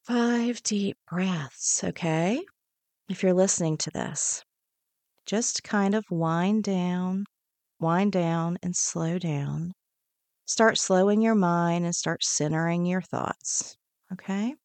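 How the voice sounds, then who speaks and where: Slow, gravelly-voiced woman guiding meditation. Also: on the low side, darkish tone, dry recording. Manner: slow, soothing, repetitive instructions. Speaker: meditation guide. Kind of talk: guided breathing meditation. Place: podcast studio.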